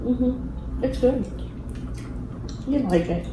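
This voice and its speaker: A woman from the Philippines hosting a family mukbang vlog, chatting slowly and coaxing her child. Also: high-pitched, lively intonation. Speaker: vlogger mother hosting a mukbang. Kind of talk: casual family vlog chat. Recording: echoey room with faint background hum.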